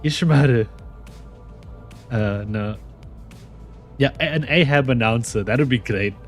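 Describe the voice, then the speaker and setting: An excitable male streamer chatting through a game in a mid-range voice, rambling with lots of restarts and laughter. His delivery is loose and talkative, with faint music playing underneath. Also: mid-range voice, measured pace. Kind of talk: casual gameplay commentary.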